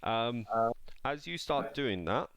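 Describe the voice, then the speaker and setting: A man's voice: medium pitch, expressive, slow pace, a bit bright, rough recording. A man narrating a tabletop game as game master, describing scenes in a rambling way with many fillers.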